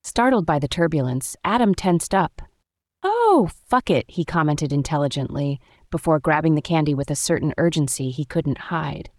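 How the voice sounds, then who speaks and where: A woman reads a story aloud in a steady, even audiobook manner. Her voice is low, and the recording is dry and close to the mic. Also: normal speed, few pauses, dry recording. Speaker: narrator. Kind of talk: audiobook narration.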